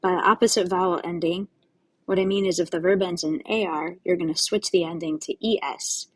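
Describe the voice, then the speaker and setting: A woman's voice: lowish voice, fairly even intonation, a little fast, husky. A woman Spanish teacher giving a recorded lesson, explaining step by step to her students in a patient, casual way with friendly asides.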